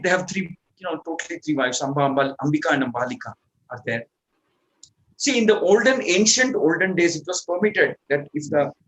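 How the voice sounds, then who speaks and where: A man's voice: fairly high pitch, fairly bright tone, rough recording. Man telling a scripture story. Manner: conversational, repeats points and restarts. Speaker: scripture teacher. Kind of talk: storytelling lecture.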